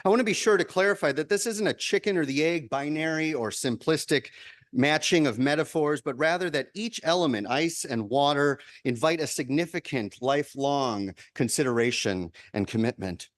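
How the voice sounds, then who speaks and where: A male minister giving a measured, reflective sermon, repeating key lines for emphasis. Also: fairly high pitch.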